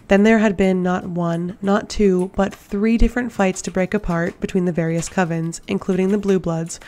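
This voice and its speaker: Gravelly, even-toned woman narrator. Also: fairly low pitch. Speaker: audiobook reader. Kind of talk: audiobook narration.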